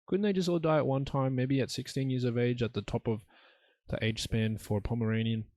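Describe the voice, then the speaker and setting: A man's voice: medium pitch, fairly even intonation, fairly quick, darkish tone, no room sound. A young man hosting a solo podcast, talking in a blunt, profane, rambling way. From Australia. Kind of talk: rambling casual monologue.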